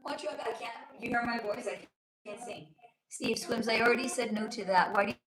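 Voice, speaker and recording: A woman hosting a casual livestream from home, reading viewer comments aloud, calling people honey and sweetie and swearing freely, her voice going hoarse. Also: on the high side, steady tone, moderate pace, a loud crowd. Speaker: livestream host. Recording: roomy echo.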